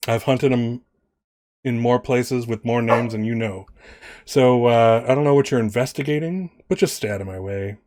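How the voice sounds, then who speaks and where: A man's voice: mid-range voice, normal speed, darkish tone, lightly acted. A man voicing a grim veteran monster hunter with a blunt, warning tone in a tabletop game. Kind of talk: tabletop role-play in character.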